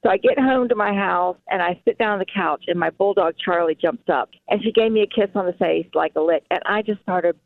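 A woman's voice: mid-range voice, brisk, vocal fry, hardly any pauses, no echo. A middle-aged woman, telling an emotional story as a caller. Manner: emotional, tearful at the end. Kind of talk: casual phone call story. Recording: phone line.

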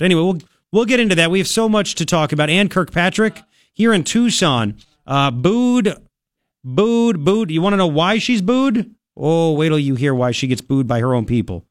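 Emphatic talk radio host, higher voice. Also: male voice, expressive, no room sound, clean studio sound. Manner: emphatic, repetitive, quick asides. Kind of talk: talk radio monologue with live ad read. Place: radio studio. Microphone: studio microphone.

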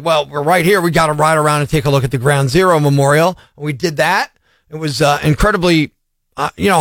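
A brash, boastful morning radio host with a notably high voice tells his tale in quick, punchy bursts. The sound is dry and close, with no room around it. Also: fairly bright tone, no room sound. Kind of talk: energetic radio storytelling. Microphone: studio microphone.

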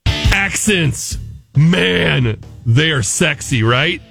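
A man's voice: fairly high pitch, lively intonation, very slow, creaky, fairly bright tone, soft background music. A man co-hosting a radio morning show, playful and hamming it up in casual banter.

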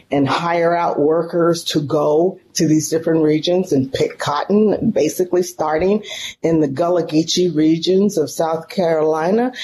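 A woman's voice: sits low, mellow. Woman, middle-aged, from San Francisco, emotional storyteller, interview guest, faint hiss. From San Francisco, California. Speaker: guest, professor.

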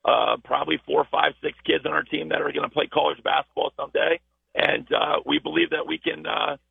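A hoarse man, a basketball coach, talking earnestly in a radio interview over the phone. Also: a little high, fairly even intonation, fairly quick, no echo. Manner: earnest, repeats himself while starting sentences. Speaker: high school basketball coach. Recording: tinny phone line.

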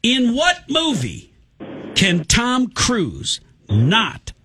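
A man's voice: very high voice, huge pitch swings, drawn-out words, pushed and bright, a little hiss or hum. A man hosting a radio quiz with playful, theatrical banter. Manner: joking, theatrical, loose. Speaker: radio show host.

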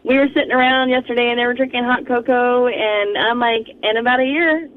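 A woman in her forties calling in to a radio show, chatting warmly and laughing often. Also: fairly high pitch, fairly even intonation, brisk. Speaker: caller. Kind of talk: casual phone-in chat. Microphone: phone. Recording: tinny phone line with faint noise.

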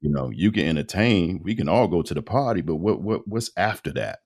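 A man in his fifties, a radio host and voice-over artist, telling his story in a casual, animated interview with colloquial phrasing. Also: deep voice, brisk. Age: 50s.

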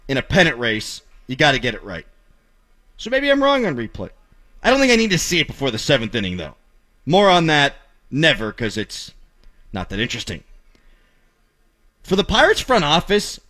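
Animated ranting sports host. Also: male voice, a little high. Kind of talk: opinionated sports commentary.

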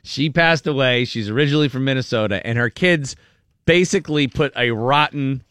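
A man's voice: medium pitch, moderate pace, fairly bright tone, no echo, clean studio sound. A man hosting a morning radio show, chatting casually and reading a news item aloud with playful quoted voices.

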